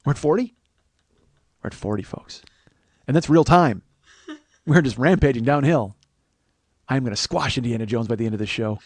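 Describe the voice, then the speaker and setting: A man's voice: medium pitch, normal speed, long pauses, no room sound. A man in his forties hosting a comedy podcast, ranting in a rambling, profane, self-mocking monologue. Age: 40s.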